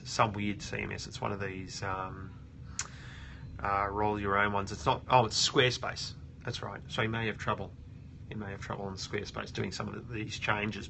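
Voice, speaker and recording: A man talks through a tutorial as he works on screen. His voice is gravelly and forceful, and he thinks out loud, often breaking off and starting a sentence again. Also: lowish voice, slight background noise. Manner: thinks aloud, with frequent restarts. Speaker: host of a web audit show. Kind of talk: casual screen-share tutorial.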